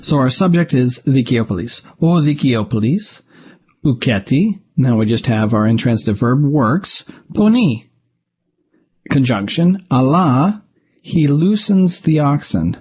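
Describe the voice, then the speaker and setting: Man, husky voice, language teacher, methodical step-by-step lesson, dull lo-fi sound. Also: mid-range voice, sing-song, unhurried. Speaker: Greek teacher. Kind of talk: recorded lesson.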